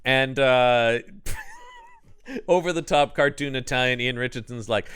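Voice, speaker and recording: A man's voice: medium pitch, huge pitch swings, slow, a bit bright, clean tone. A man co-hosting a comedy podcast, recapping an old movie in casual chat and acting out scenes in goofy voices. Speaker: podcast co-host.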